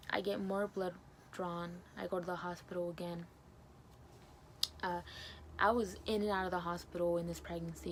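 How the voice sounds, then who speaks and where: A woman's voice: lowish voice, gravelly, a little hiss or hum, low-quality recording. A young woman vlogger earnestly telling a personal story, acting out what people said to her. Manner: emotional, earnest retelling with quoted dialogue.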